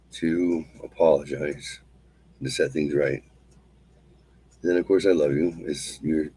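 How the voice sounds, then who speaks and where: A man hosting a solo show, calmly leading a repeated mantra and chatting casually. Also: very deep voice, slightly rough, low-quality recording. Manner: calm, slow, repetitive chanting of phrases. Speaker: host.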